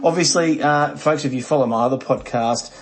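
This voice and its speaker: A man with an Australian accent hosting a podcast in lively, jokey casual chat full of slang. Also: a little high, a little fast, noisy background. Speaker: podcast host.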